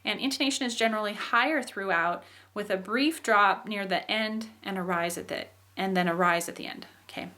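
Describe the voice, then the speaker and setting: A woman teaching as she explains patiently, often saying "um" and "okay," and demonstrating phrases with exaggerated rises and falls in pitch. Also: a little fast, few pauses, sharp tone. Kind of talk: explaining English intonation.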